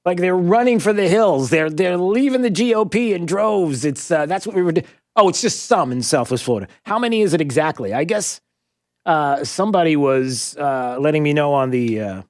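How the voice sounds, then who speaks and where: A man hosting talk radio from a studio, his fairly high voice leaping all over the place. He rambles, trips over fillers and starts sentences again. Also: normal speed. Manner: rambling, animated, many fillers. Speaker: radio talk show host.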